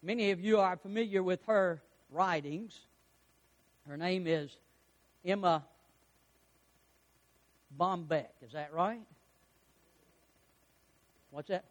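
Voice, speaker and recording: A pastor preaching a sermon, fervent and rising to shouts, putting questions to the congregation. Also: male voice, high-pitched, takes it slowly, pauses often.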